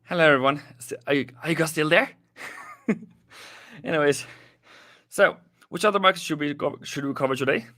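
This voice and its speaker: A man's voice: a little high, moderate pace, pauses often, bright, forceful tone, no echo, clean studio sound. A man hosting a live trading stream, rambling casually through the markets with restarts and asides to his viewers, a little out of breath. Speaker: trading livestream host.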